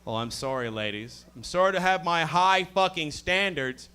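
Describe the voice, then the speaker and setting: A man's voice: a little high, lively intonation, normal speed, sharp tone, smooth. A male stand-up comedian on a club stage, swearing and mock-insulting the audience between jokes.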